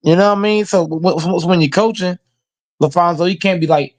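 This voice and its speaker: A man's voice: high voice, brisk. A man hosting a casual sports reaction show, ranting emphatically and with heavy profanity. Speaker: host reacting to football news.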